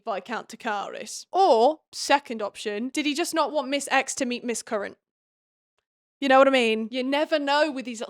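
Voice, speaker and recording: A young woman tears through a book recap with sarcastic, animated commentary and the odd swear. Her voice sits a little high, and the sound is dry and close. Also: no echo. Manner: sarcastic, animated, swearing, reads excerpts aloud. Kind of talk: comedic book recap with read passages.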